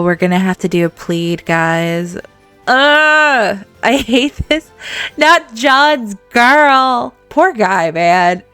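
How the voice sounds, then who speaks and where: Animated woman giving game commentary. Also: medium pitch, clean tone, no echo. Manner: animated, laughing often, talks to viewers. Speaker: gaming channel host. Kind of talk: let's-play game commentary.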